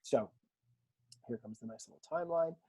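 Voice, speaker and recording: A man teaching a language class in a relaxed lecture style, chatty and self-deprecating, often quizzing his students. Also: a little high, moderate pace, slightly rough. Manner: conversational, self-deprecating, asks the class questions. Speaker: Greek teacher.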